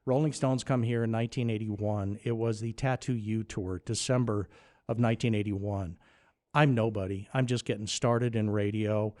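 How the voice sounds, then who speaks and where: A man telling a funny story in a casual chat, lively and animated, often climbing to excited near-shouts at the punchlines. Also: lowish voice, normal speed. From Nevada. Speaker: radio host guest.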